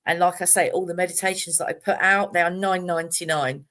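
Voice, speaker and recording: This is a middle-aged woman, speaking in a slightly low voice. She rambles casually through her live-stream talk, full of fillers and restarts. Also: steady tone, fast talker, a bit bright. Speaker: meditation teacher.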